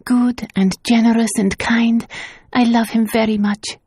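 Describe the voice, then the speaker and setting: A woman's voice: on the high side, fairly even intonation, unhurried, darkish tone, husky, dry recording, clean studio sound, voice pushed up. Woman doing a sweet, earnest young bride. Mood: reassuring. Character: young newly married daughter, loving and earnest.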